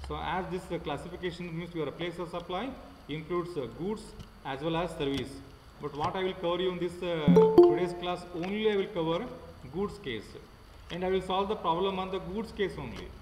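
A man's voice: high voice, loud music behind the voice. Man with an Indian accent, teaching in an echoey room. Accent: Indian English. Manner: repetitive, halting, many fillers. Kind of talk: online class lecture. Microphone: computer mic without headphone.

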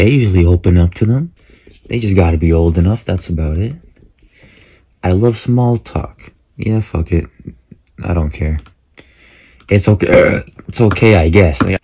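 Low, mellow young man riffing crudely. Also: husky. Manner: crude, joking, reacts loudly and swears often. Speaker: content creator. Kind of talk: casual commentary while taking an online quiz.

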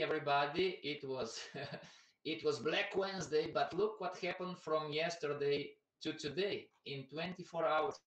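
A man's voice: fairly high pitch, fairly bright tone, echoey room, distant mic, poor audio. A man hosting a casual live stream about investing, chatty and repetitive, who keeps calling out to everybody watching.

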